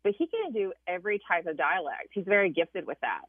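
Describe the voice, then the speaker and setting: A woman with a Southern US accent, a political correspondent calling in, explaining things in a measured way with some hesitations. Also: fairly low pitch, sing-song, a little hiss or hum. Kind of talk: phone-in interview. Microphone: phone. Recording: tinny dry phone line.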